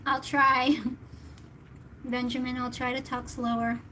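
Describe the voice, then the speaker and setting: A woman's voice: sits high, little pitch movement, slow pace, bright, forceful tone, a little hiss or hum, rough recording. A woman from the Philippines, a tarot reader chatting casually with her livestream viewers in a giggly, talkative way.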